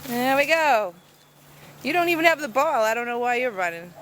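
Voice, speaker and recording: A woman's voice: on the high side, lively intonation, normal speed, a bit bright. A woman at a kennel talking to dogs in coaxing, praising baby talk. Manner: sing-song, coaxing, praising. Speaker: kennel worker playing with dogs. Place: dog kennel play area. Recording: noisy with dogs around.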